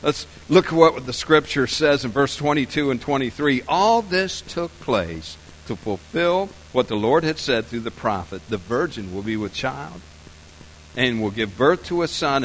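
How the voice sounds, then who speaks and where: A man preaching a sermon, telling a story softly and slowly, then building to loud, emphatic points. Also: mid-range voice, animated, a little hiss or hum, poor audio. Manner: storytelling, soft and slow in scenes, rising loud and emphatic for points. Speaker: pastor.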